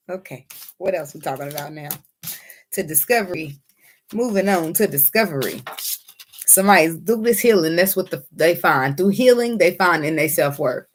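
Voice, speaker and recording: A woman giving a casual tarot reading, blunt, excitable and swearing freely. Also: fairly low pitch, moderate pace, a little hiss or hum. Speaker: tarot reader.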